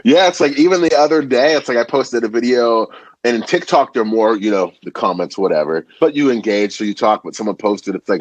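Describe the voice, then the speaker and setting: Husky animated man in casual chat. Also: mid-range voice, fast, dry recording. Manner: animated, slangy, swears freely. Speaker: podcast guest, food content creator.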